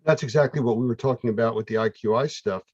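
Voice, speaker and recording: A man's voice: medium pitch, fast talker, a little mellow, dry recording. A man hosting a casual conversation, explaining things in an easy, conversational way. His audio sounds dull and lo-fi. It is dry, with no room sound. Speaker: host. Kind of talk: casual chat.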